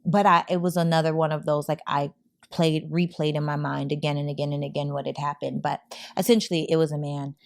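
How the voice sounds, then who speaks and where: Lady podcast host in her 30s, kinda low voice, big dramatic storytelling. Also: little pitch movement, brisk, gravelly. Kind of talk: casual chat.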